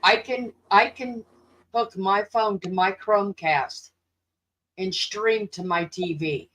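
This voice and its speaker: A woman's voice: medium pitch, slow, a bit bright, rough recording. A woman in a casual chat, patiently explaining how to fix a streaming setup.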